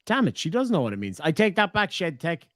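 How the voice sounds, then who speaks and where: A man's voice: a little high, huge pitch swings, quick pace, fairly bright tone, no room sound, studio quality. An Irish man chatting on a livestream, swearing often and teasing in casual banter. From Ireland. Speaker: streamer.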